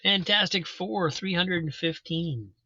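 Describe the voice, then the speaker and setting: A man's voice: high voice, unhurried, bright, forceful tone, no echo, muffled recording. A man casually hosting a live comic book auction, chatting as he describes each issue.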